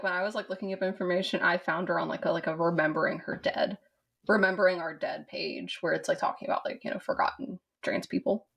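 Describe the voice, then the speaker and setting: A woman co-hosting a podcast, her voice low with a lot of vocal fry. She chats casually and rambles, with plenty of fillers and restarts. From southern United States. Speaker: podcast co-host. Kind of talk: casual chat about a film.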